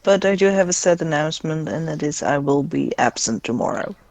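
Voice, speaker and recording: A young adult player chats casually on a stream in a middle-range voice. Playful and quick to laugh. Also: medium pitch, lively intonation, gravelly, no echo. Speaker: guest player.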